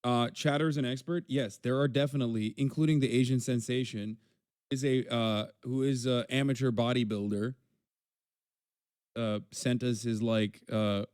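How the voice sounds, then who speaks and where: A man's voice: mid-range voice, steady tone, moderate pace, darkish tone, clear, resonant tone, no echo. Blunt, profane male streamer, dry sound. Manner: blunt, profane, talks back to chat. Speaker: streamer reacting to a video. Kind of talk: casual live-stream commentary.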